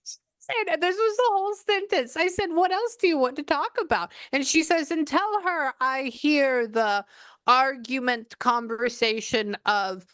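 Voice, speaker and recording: This psychic medium has a high, animated, slightly bright voice and talks at normal speed in a casual reading session. She keeps breaking off to listen before relaying quotes, captured in clean studio sound with no echo.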